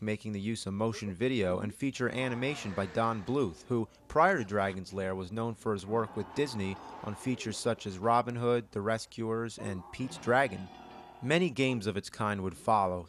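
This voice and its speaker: A man's voice: mid-range voice, fairly bright tone, lightly acted. A man playing a short-tempered, foul-mouthed male retro gamer, reviewing a game in an exasperated, profane rant. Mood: critiquing.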